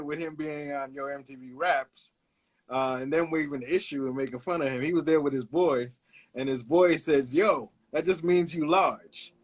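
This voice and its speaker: A man in his fifties from Brooklyn, a guest illustrator telling stories in a relaxed interview with frequent "uh"s. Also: fairly high pitch. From Brooklyn, New York. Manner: laid-back, anecdotal, hesitates with "uh", laughs along. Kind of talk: casual storytelling interview.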